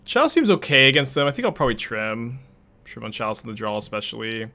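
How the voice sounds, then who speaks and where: A young man talking through a card game as he plays, musing aloud and chuckling between moves. His voice is bright and forward, at a middle pitch, loose and conversational. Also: big pitch swings, fast. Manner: chatty, laughs often, thinks aloud. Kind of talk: casual gameplay commentary.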